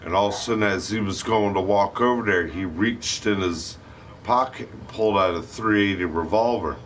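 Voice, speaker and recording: A man's voice: on the low side, normal speed, a bit bright, slight background noise. A middle-aged man hosting a live stream, telling rambling, profane stories in casual chat. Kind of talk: casual storytelling.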